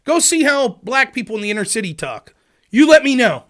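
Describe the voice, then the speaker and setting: Animated, high-pitched male livestream host. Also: brisk. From Pennsylvania. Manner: animated, argumentative, acts out quoted exchanges. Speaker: political talk show host. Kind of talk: livestream monologue.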